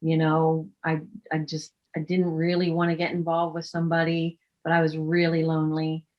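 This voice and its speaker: A woman's voice: low-pitched, completely flat delivery, moderate pace, dull audio. A woman storyteller telling a personal story in a casual way, with wry, self-deprecating humor.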